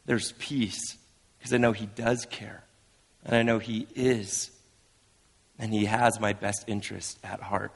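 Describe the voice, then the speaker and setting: A man's voice: medium pitch, creaky. Earnest 30s pastor guy, chatty sermon, lots of restarts, big echoey church. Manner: earnest, conversational, with frequent restarts.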